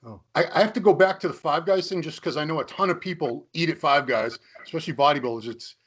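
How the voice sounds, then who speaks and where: A man's voice: a little high, quick pace, a bit bright, husky. A man hosting an interview, chatty and joking, asking long rambling questions. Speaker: interview host. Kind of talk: casual interview chat.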